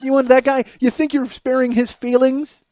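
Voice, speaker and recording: Alone on his own podcast, a comedian rants through an exasperated, sarcastic monologue full of profanity. For a man his voice is pitched high, yet it stays level and mellow at a normal speed. The recording is close and dry, with no room sound.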